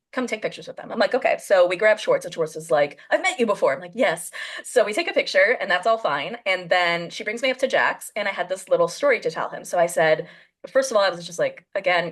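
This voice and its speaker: A woman hosting a podcast over a video call, telling a story in a casual, animated way and acting out the voices of the people she quotes. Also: medium pitch.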